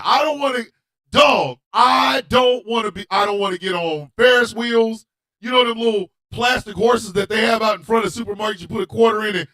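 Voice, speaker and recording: Loud, high-voiced man telling a story. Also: a little fast. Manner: loud, animated, profane, often shouting. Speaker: radio show host. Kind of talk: storytelling comedy monologue.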